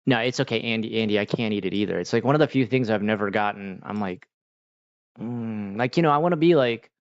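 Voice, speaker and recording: Low-voiced laid-back streamer man. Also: quick pace. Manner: laid-back and slangy, filler-heavy. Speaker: livestream host answering chat. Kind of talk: casual livestream chat. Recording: dull lo-fi sound.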